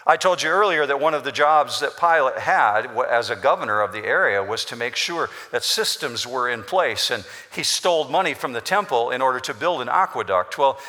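Bright-voiced preacher in a reverberant hall. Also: male voice, mid-range voice, lively intonation, fairly quick, hardly any pauses. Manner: emphatic, explanatory preaching with repetitions. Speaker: pastor. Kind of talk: sermon. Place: church sanctuary.

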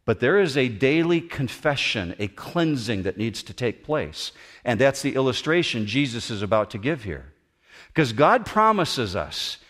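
A man preaching a sermon as pastor, animated and acting out the voices he quotes. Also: medium pitch. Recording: long hall reverb.

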